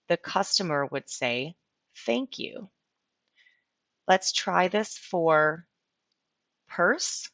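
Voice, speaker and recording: Slow, patient woman teaching vocabulary. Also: lowish voice, fairly bright tone, no room sound. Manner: patient, repeats words slowly. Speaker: ESL teacher. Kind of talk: slow, clear vocabulary lesson. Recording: dull lo-fi sound.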